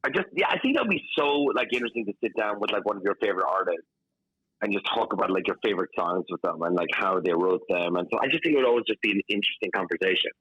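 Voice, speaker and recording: A man's voice: fairly low pitch, expressive, racing, husky, dry recording. A man, a guest chef, chatting casually in an interview and filling his talk with "like", heard over a dull remote line. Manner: chatty, heavy use of "like".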